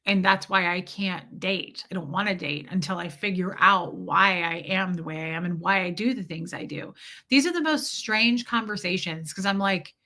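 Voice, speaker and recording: Bright-voiced woman telling a candid story. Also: lowish voice, moderate pace. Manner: candid, rambling retelling of a conversation. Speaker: vlogger. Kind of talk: casual storytelling to viewers.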